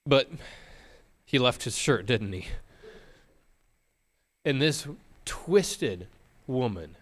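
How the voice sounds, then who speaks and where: A man preaching a sermon, retelling a story with dramatic pauses and questions to the congregation. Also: mid-range voice, animated.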